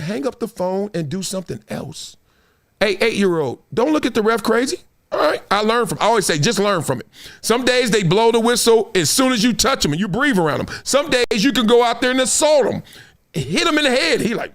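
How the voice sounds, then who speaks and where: A middle-aged show host chats casually with his live audience in a high-pitched, fairly quick voice. He's animated, laughing often and acting out voices.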